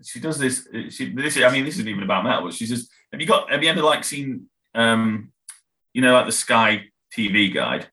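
A man's voice: mid-range voice, expressive, a little fast, pushed and bright, poor audio. A man chatting as a podcast guest, rambling and self-interrupting, laughing often. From England. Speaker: podcast guest, band member. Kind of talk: casual chat.

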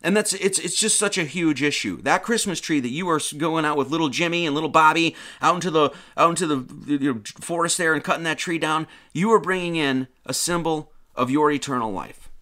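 A man's voice: a little high, bright, forceful tone. A man hosting a livestream, giving a casual lecture in a mocking, slangy way. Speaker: livestream host.

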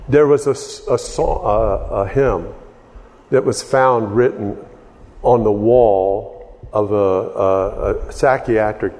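A man's voice: on the low side, a little mellow, in a large hall. A man from Texas preaching a sermon in a rambling way, often restarting his sentences and wandering into asides.

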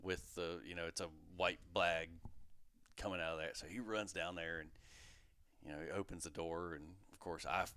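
Brief: man in his thirties, podcast guest, lively storyteller, smooth close dry sound, lowish voice. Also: moderate pace, dry recording. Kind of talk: casual storytelling.

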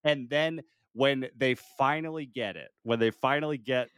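Dude cohosting a movie podcast, rambly casual chat, lots of laughs and "like", dry close mic. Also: male voice, medium pitch, normal speed, clear, resonant tone, dry recording. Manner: relaxed, laughing often, fillers like "like". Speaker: podcast co-host.

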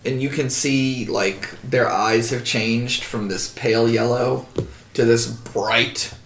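Gravelly-voiced man running a tabletop game. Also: medium pitch, fairly even intonation, slow pace, a bit bright, a little hiss or hum. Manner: casual, swears freely, laughs between descriptions. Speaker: game master and podcast host. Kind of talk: narrating a tabletop game and closing the podcast.

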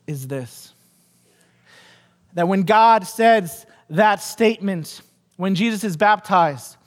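A man preaching a sermon as pastor, earnest, repeating key phrases and dropping low for emphasis. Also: in a large hall.

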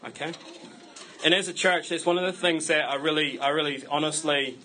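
A man's voice: fairly high pitch, little pitch movement, brisk, sharp tone, slight background noise, poor audio. A man preaching a sermon to his church in a conversational way, breaking it up with self-deprecating jokes. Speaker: pastor.

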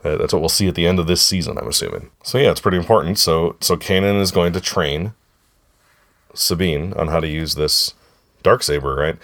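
A man with a hoarse, froggy voice from a sore throat, hosting a casual podcast chat with kids and often asking them if they remember. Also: low voice, a little fast, a bit bright. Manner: chatty, keeps asking the listeners if they remember. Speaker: podcast host.

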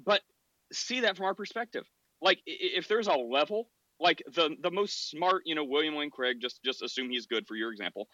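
A man's voice: on the high side, animated, a little fast, sharp tone, dry recording, muffled recording. A man hosting a podcast, arguing in a casual debate with frequent restarts and short laughs. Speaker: podcast host.

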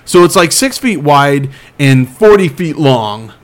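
A man's voice: fairly high pitch, sing-song, measured pace. A man hosting a podcast in casual chat, rambling and self-deprecating with many restarts. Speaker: podcast host.

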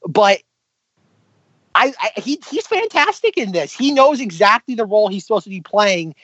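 A man's voice: sits high, normal speed, slightly rough, no room sound. Man, podcast co-host, casual movie chat, dry lo-fi sound. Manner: animated, retells scenes with voices. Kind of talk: casual film discussion.

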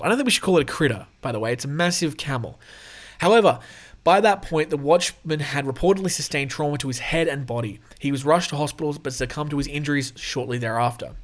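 A man hosting his own show, reading out animal news stories with casual, irreverent jokes. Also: on the high side. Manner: irreverent, jokey, laughs often. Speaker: show host.

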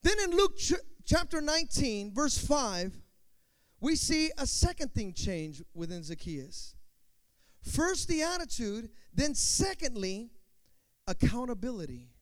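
A man preaching a sermon as pastor, moving from quiet asides to loud build-ups, acting out quoted voices and calling on the congregation to respond. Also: very high voice, sing-song, measured pace. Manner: dynamic preaching, swinging from quiet to shouting.

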